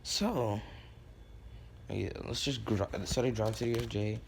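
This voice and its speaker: A man's voice: on the low side, a little slow, creaky, a little hiss or hum. A man casually improvising a fan story, rambling with lots of fillers and restarts.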